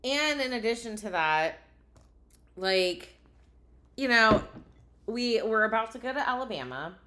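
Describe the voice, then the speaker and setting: A woman's voice: fairly high pitch, lively intonation, measured pace, bright, forceful tone. A woman co-hosting a casual podcast chat, animatedly telling a story and laughing at herself. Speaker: podcast co-host.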